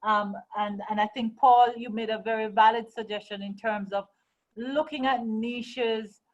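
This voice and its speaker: A woman's voice: fairly high pitch, fairly even intonation, unhurried. A woman moderating a webinar over a video call, summarizing the session in an upbeat way. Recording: dull lo-fi video call audio.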